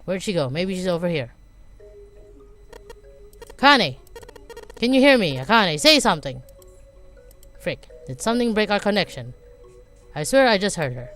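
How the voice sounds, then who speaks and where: A woman's voice: fairly low pitch, sing-song, normal speed, long pauses, faint music behind. A woman voicing a young male game hero, urgent and determined, promising to save someone. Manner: urgent, reassuring, shouting names.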